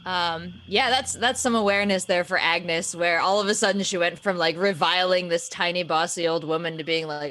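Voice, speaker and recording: A woman's voice: on the low side, fairly even intonation, moderate pace, hardly any pauses, fairly bright tone. A woman playing a tabletop game, narrating her character's actions in a chatty way, often laughing. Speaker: player.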